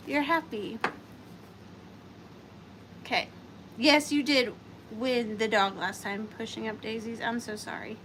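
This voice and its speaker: A woman's voice: a little high, fairly even intonation, slow, long pauses, fairly bright tone, slight background noise. A woman hosting a live online sale, chatting playfully with viewers and calling them by name. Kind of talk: chatty live-stream selling.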